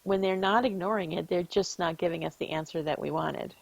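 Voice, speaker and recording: A woman co-hosting a podcast in casual chat, measured and even-handed with a few small fillers. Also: fairly low pitch, gravelly, dry recording, rough recording. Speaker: podcast co-host.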